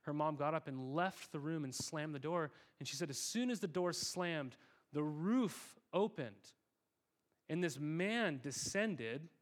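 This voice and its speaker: A male pastor preaching a sermon, telling a story in an earnest, conversational way and calling the congregation "guys". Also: fairly high pitch.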